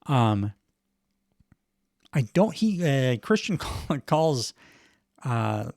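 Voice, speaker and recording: A man's voice: medium pitch, big pitch swings, extremely slow, darkish tone, dry recording, studio quality. A middle-aged man hosting a podcast, giving a casual, wry wrestling recap full of fillers and chuckles. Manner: rambling, wry, chuckles often, many fillers. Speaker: podcast host.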